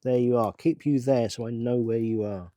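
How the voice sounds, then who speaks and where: A middle-aged man chats away to himself as he works at a table, rambling with sudden bursts of excitement. His voice sits at an ordinary middle pitch. The recording is dry and close, with no room sound. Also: normal speed, no room sound. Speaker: channel host. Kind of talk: casual build-along chat.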